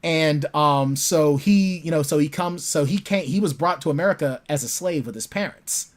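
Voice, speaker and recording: A man, an author guest in a casual interview, telling lively stories about his characters. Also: fairly high pitch, moderate pace. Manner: animated storytelling, acts out his characters.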